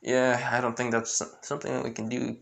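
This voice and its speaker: A man's voice: mid-range voice, completely flat delivery, a little fast, creaky, lightly acted. A man voicing a laid-back male devil who shares a boy's body, talking casually and calling him little bro.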